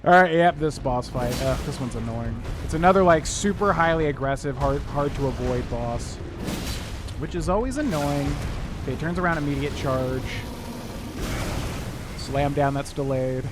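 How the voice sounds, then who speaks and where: A man streaming a game, rambling candidly in casual chat and giving quick gameplay tips. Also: mid-range voice, animated, background noise.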